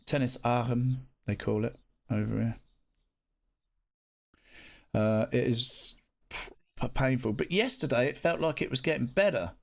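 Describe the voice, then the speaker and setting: A man chats casually on a live stream, reading the live chat, greeting viewers by name and swearing freely. His medium-pitched voice is unhurried, with vocal fry and frequent pauses.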